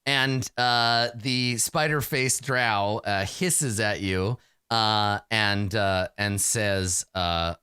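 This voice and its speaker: A man narrating a tabletop game as game master, halting with many fillers. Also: on the low side, smooth, no room sound, clean studio sound. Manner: lively, halting narration full of fillers, slips into character voices.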